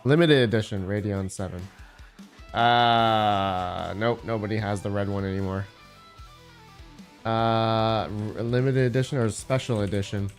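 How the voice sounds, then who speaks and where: A man's voice: lowish voice, fairly even intonation, unhurried, faint music behind. A man hosting a casual live stream, rambling as he thinks aloud and answers his chat.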